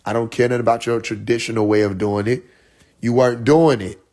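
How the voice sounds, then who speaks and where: A man's voice: medium pitch, brisk. A man ranting in a casual live-stream monologue, blunt and full of profanity, acting out the people he quotes as he tells a long analogy. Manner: animated storyteller who acts out the people he quotes; heavy profanity, blunt and exasperated. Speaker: livestreamer.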